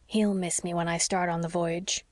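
A frail old sea captain, gentle and wistful, talking softly and slowly to a friend, as a woman reads him in a storybook. The voice sits low and is recorded close and dry, with no room sound. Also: little pitch movement, no room sound, close to an everyday voice. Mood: tender.

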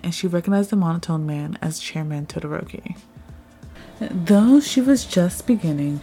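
A woman's voice: fairly low pitch, mellow. Woman narrating a story over music. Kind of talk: fan fiction audiobook narration.

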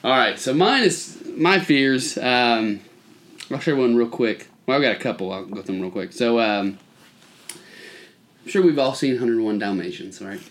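A man telling a childhood story on a casual podcast, acting out the voices of the people in it. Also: normal speed. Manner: animated storyteller, acts out voices with big pitch jumps. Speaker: podcast co-host.

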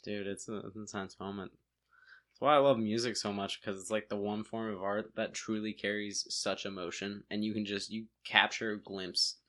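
Laid-back slangy man, lower voice. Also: steady tone, normal speed, fairly bright tone. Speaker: podcast guest. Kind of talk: casual chat.

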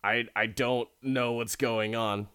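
A man's voice: medium pitch, fairly even intonation, takes it slowly, sharp tone, clean tone. A man voicing a smug, obsessive rich man who boasts while he blackmails. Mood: gloating.

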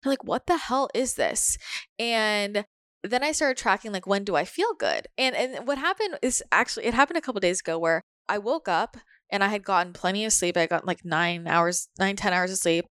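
A woman's voice: medium pitch, animated, normal speed, fairly bright tone, smooth, no room sound, studio quality. A woman talking candidly in a casual podcast chat, swearing now and then and acting out her own inner voices. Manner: candid, swears, acts out quotes.

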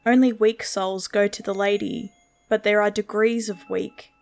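A woman's voice: mid-range voice, level tone, darkish tone, soft background music, natural voice. A woman voicing a terse, impatient man who gives curt, grim advice. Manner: curt, blunt, no pauses.

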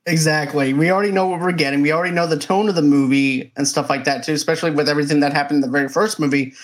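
A man's voice: a little high, steady tone, racing. A man chatting casually in a film review, rambling and restarting his sentences. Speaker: movie reviewer.

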